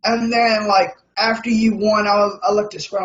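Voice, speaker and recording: A man's voice: sits high, flat delivery, brisk, a bit bright, reverberant. A man interviewing a wrestler in casual, enthusiastic, profane fan talk. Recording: muffled lo-fi recording with faint noise.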